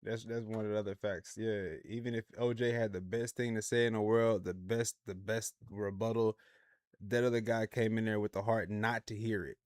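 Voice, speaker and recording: A man hosting a livestream, reacting to clips in casual, slangy, animated commentary. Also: on the low side, normal speed, dry recording, clean studio sound.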